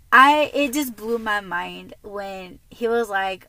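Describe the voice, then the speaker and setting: A woman's voice: on the high side, fairly even intonation, slow, pushed and bright, low-quality recording. A woman hosting a podcast, telling casual stories in a chatty way with lots of fillers and laughs. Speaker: podcast host. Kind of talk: casual storytelling monologue.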